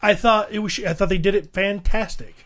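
A man's voice: sits high, a little fast, a bit bright. A man co-hosting a casual movie review chat, rambling and repeating words as he searches for his point. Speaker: podcast co-host.

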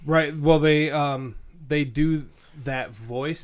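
A man co-hosting a casual movie review chat, animated and swearing casually. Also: on the high side, takes it slowly. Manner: animated, swears casually, reads viewer comments. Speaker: podcast co-host.

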